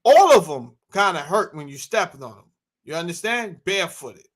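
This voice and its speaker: A man's voice: sits high, sing-song, moderate pace, fairly bright tone. A man in his thirties hosting a casual chat, telling loose stories and bantering with his audience. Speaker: host.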